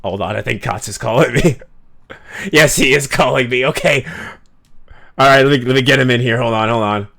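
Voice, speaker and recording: A man's voice: medium pitch, brisk, creaky, long pauses, fairly bright tone. A man streaming a game, chatting casually in a playful, teasing way and swearing now and then. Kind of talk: casual game livestream chat.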